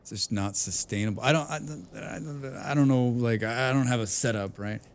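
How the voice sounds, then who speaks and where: A man's voice: mid-range voice, moderate pace, clean tone. A man streaming a game, thinking aloud and chatting casually with viewers, swearing freely. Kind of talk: casual gameplay livestream chat.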